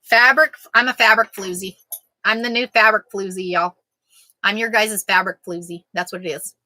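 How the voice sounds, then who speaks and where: A woman's voice: mid-range voice, fairly even intonation, moderate pace, sharp tone, rough recording. A woman chatting casually as a quilting vlogger, joking and answering viewers. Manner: chatty, jokey, reads out sayings and answers viewers. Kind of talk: casual live chat.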